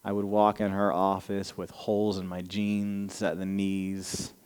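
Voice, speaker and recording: A man in his thirties with a slight Southern American lilt preaches to a congregation in a casual storytelling way. His voice comes across smooth and resonant. The long reverb of a big church hall trails behind each phrase. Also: low-pitched, completely flat delivery, unhurried, darkish tone. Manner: conversational storytelling, self-deprecating asides. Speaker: pastor. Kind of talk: sermon with personal stories. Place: church sanctuary before a congregation.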